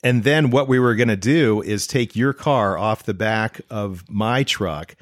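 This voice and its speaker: A man's voice: on the low side, a little slow, dry recording, clean studio sound. A man telling a road-trip mishap story in casual chat with his partner, joking and correcting her as he goes. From not from the South.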